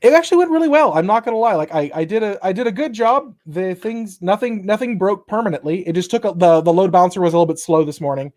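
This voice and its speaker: A man's voice: high voice, expressive, fast talker, hardly any pauses, darkish tone. A young man with a South Texas accent hosting a casual livestream chat, rambling with lots of restarts. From Texas, USA. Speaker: host. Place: home room with open window.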